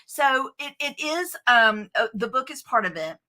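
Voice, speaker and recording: A woman with a Southern American accent, a guest author telling stories in a lively, animated way. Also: on the high side, measured pace. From United States. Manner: lively, animated storytelling with self-corrections. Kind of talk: conversational interview.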